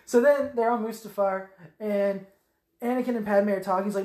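A woman in casual chat, retelling movie scenes with lots of swearing and quick quoted voices. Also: mid-range voice, dark tone. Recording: echoey room.

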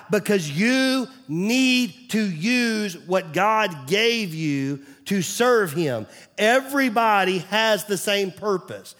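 A man's voice: a little high, fairly bright tone. A man, preaching a sermon as pastor in a conversational way, sometimes dropping to a near-whisper. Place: church stage.

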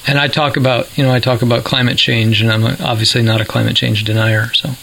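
A man's voice: mid-range voice, little pitch movement, fast talker, vocal fry, fairly bright tone, a little hiss or hum, low-quality recording. A man co-hosting a podcast in casual chat, chatty and laughing at his own stories. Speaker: podcast co-host.

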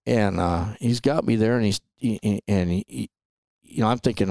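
Low and gravelly with a fry, the voice belongs to a middle-aged man from Los Angeles who's a podcast guest. At a moderate pace, he tells animated stories in a casual interview, often adding "man" and "right?". The recording is dry and close, with no room sound.

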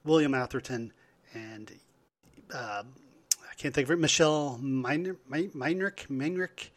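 A man's voice: mid-range voice, a little slow. Easygoing male podcast co-host. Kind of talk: casual movie podcast chat.

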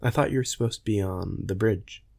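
A man reading the lines of a gentle, caring mother living on a starship, in a soft-spoken voice. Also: on the low side, brisk, creaky.

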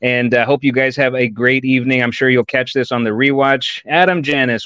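A man's voice: medium pitch, steady tone, fairly quick, few pauses, a bit bright, smooth, dry recording, muffled recording. A man from Texas hosting a live-stream comics interview, chatty and enthusiastic. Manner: enthusiastic and chatty, says dude and y'all. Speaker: podcast host.

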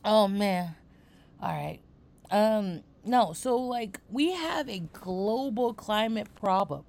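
A woman's voice: mid-range voice, expressive, slow, darkish tone. A woman hosting a podcast in casual chat, playful and teasing, talking with lots of energy. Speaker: podcast host.

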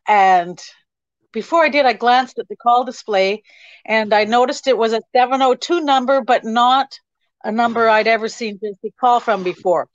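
A middle-aged woman tells a personal story as an interview guest, halting often with many ums. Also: fairly high pitch, dry recording, muffled recording. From Canada.

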